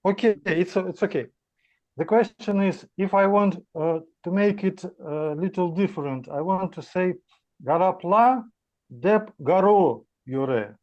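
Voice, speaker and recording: A man asking questions about spelling in a language lesson, talking haltingly with many pauses. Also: sits high, fairly even intonation, warm tone, lo-fi sound. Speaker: language student.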